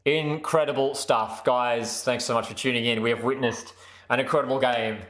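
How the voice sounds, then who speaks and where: A young man hosting a live football watchalong, calling the play casually and breaking into excited high cheers. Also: normal speed. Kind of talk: excited live match commentary to chat viewers. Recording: echoey room.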